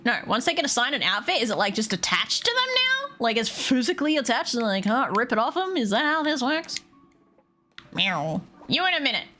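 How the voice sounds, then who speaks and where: Young woman, game streamer, bright crisp voice, fairly high, sarcastic, swears constantly, faint music behind. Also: huge pitch swings, fairly quick. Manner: sarcastic, swears a lot, grumbles aloud. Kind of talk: casual gameplay commentary.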